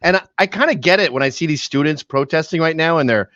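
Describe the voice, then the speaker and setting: A man's voice: fairly high pitch, fast, dry recording. A middle-aged man with a mild Canadian accent, telling anecdotes as a podcast guest. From born in England, raised in Canada. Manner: animated storyteller who shouts out quoted lines. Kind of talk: casual storytelling. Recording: dry, slightly dull podcast mic.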